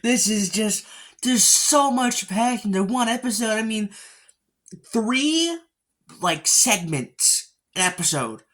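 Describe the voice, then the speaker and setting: A man with a voice a little higher than most men's walks through an anime episode in a casual, meandering way. He leans on fillers and mild curses. He slips into the characters' quoted lines with a lifted, louder delivery. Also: lively intonation, slow. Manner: rambling, fillers and mild swearing. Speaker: anime recapper.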